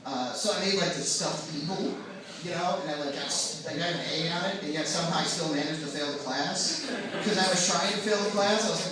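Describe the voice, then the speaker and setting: A young man doing stand-up, rambling and self-deprecating, with plenty of fillers. His voice sits fairly high. He is heard from across a boomy bar room, with the audience murmuring around him. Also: fairly quick. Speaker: stand-up comic. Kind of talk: stand-up comedy set. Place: bar open mic night. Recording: echoey bar room from far off, crowd.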